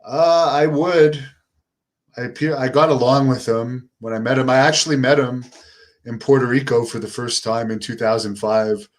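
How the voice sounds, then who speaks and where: A middle-aged man from Canada hosting a casual live stream, answering viewer questions in a relaxed, unenthusiastic way. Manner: relaxed, low-key and unenthusiastic delivery.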